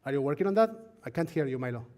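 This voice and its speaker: A man leading a Shabbat service who preaches in a chatty way, laughing often, asking the congregation and crew for attention, and reading scripture slowly. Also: medium pitch, animated, mellow. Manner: reads scripture slowly and deliberately. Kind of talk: live-streamed sermon and Torah teaching.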